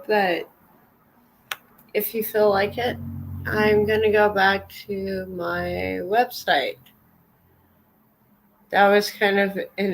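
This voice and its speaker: Slow, emotional woman chatting live. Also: mid-range voice, rough recording. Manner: slow, emotional, halting with many apologies. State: tearful. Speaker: livestream host. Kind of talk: casual livestream chat.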